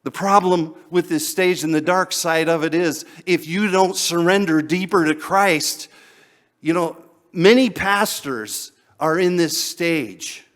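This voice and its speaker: A man's voice: on the high side, takes it slowly, fairly bright tone. A male pastor preaching a sermon in a conversational way, chuckling often and repeating words as he goes.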